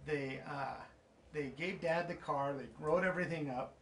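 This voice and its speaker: A man with a somewhat high voice hosts a casual chat and eagerly retells a family story. He laughs often and keeps nudging his father to tell the next part. A faint background noise runs underneath. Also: moderate pace, a bit bright. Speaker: channel host.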